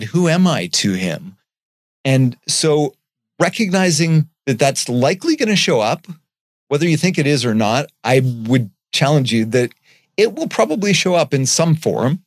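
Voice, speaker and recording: A man talking earnestly in a casual podcast conversation, getting animated and swearing now and then. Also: a little high, normal speed, no echo, studio quality.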